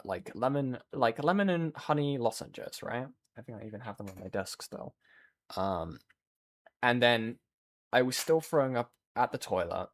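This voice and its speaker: A man streaming, chatting casually with viewers and rambling through a story with lots of fillers. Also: on the low side.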